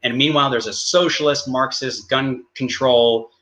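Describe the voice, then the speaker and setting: Male debater, bright and sharp, rapid and halting. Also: medium pitch, steady tone, poor audio. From United States. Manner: rapid, halting, many restarts. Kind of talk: online debate, cross-examination.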